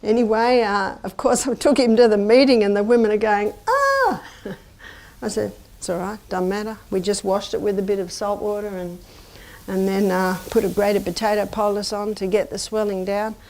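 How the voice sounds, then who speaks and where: A woman's voice: mid-range voice, level tone, a little fast, darkish tone. A middle-aged woman giving a chatty, anecdotal health lecture to a live audience and asking them questions. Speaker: health presenter.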